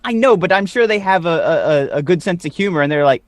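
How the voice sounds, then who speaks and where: A man's voice: high-pitched, lively intonation, quick pace, dry recording, clean studio sound. A man co-hosting a podcast, rambling through provocative stories in casual chat. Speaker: podcast co-host.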